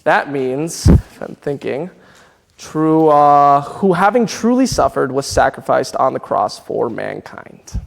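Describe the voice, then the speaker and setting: A man's voice: on the high side, lively intonation, takes it slowly, vocal fry. A man leading a choir rehearsal, coaching Latin pronunciation and speaking lines for the singers to repeat. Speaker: choir director. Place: church rehearsal space. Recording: long reverb of a church hall.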